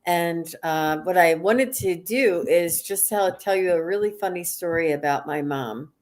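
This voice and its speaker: A woman's voice: on the low side, measured pace. A middle-aged woman, a guest psychic, tells a story casually with many fillers and restarts. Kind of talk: casual storytelling on a live stream.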